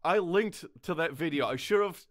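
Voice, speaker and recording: A man's voice: a little high, moderate pace, fairly bright tone. A man hosting a podcast, chatting casually with lots of laughs and fillers. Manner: rambling, laughing often, filler-heavy. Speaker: podcast host.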